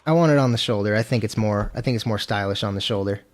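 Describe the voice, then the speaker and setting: A man's voice: fairly low pitch, quick pace. A man streaming a western game, chatting casually in loose, profane, self-mocking talk. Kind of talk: casual gameplay commentary.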